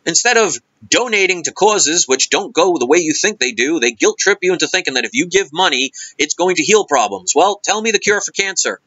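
A man's voice: high-pitched, pushed and bright, no echo, lo-fi sound. A man vlogger giving an impassioned, sarcastic and preachy monologue rant.

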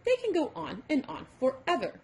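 A woman's voice: sits high, wildly swooping pitch, mellow, pitched above the performer's own voice. A woman voicing a bossy, teasing male number devil who quizzes a tired boy in a storybook reading. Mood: coaxing. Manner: brisk, coaxing, quizzing.

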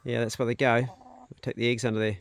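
A middle-aged man with a New Zealand accent talks casually while he walks his rural property. His voice sits at an ordinary pitch, easygoing and plain-spoken. The open outdoor air carries animal sounds behind him. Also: brisk, creaky. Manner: relaxed, plain-spoken, chatty. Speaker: vlogger, farm owner. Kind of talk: casual narration on a farm walk.

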